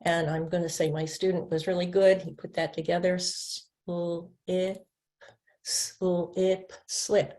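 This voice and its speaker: A woman's voice: on the low side, flat delivery, fairly quick, hardly any pauses, darkish tone. A woman training teachers in a webinar, patiently stretching out and tapping individual speech sounds, sometimes answering as her own student. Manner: plays both teacher and student in demonstrations. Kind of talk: instructional webinar demonstration.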